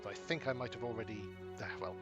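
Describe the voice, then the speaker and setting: A man streaming a computer role-playing game, chatting casually and halting often as he thinks. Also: fairly low pitch. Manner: halting, many restarts and fillers. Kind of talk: casual gameplay chat. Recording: game music behind.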